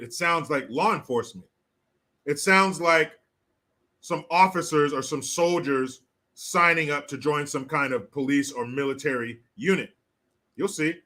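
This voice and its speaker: A man's voice: high voice, bright, forceful tone. A man hosting a live stream, ranting with sarcastic, profane, mocking commentary. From California.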